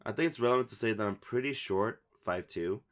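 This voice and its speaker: Man podcast co-host, low voice, casual chat and story reading, laughs easily. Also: a little fast. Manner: laughs often, swears casually.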